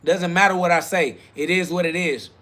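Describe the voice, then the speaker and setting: His intonation is fairly even, his delivery fairly quick, pushed and bright. The man is hosting a live self-talk podcast, preaching in brief repeated slogans and hitting back at quoted critics in crude slang, with his voice cracking into high shrieks as he heats up.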